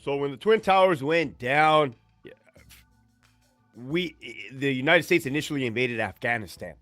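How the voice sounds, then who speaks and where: Casting: man, 40s, from California, mid-pitched, laid-back and salty, swears freely, dry close sound. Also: expressive, a little slow, a bit bright, no echo, faint music behind. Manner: laid-back, slangy, profane. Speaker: guest, army veteran. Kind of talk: casual storytelling interview.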